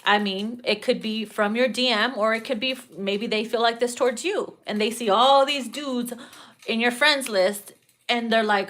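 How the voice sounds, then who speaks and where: A woman's voice: fairly high pitch, normal speed, a bit bright. A young adult woman giving a casual tarot reading, sassy and profane, often breaking into laughter at her own jokes. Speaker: tarot reader.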